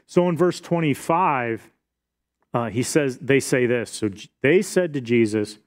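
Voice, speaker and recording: Middle-aged male pastor, mid-pitched, earnest expository preacher. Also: expressive, unhurried. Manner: earnest expository preaching, reading scripture aloud. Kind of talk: sermon.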